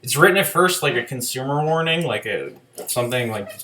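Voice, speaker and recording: A man's voice: medium pitch, animated, fairly quick, sharp tone, a little hiss or hum. Rambling man reviewing an album. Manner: rambling, many "like" fillers, loose profanity. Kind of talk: casual spoken music review.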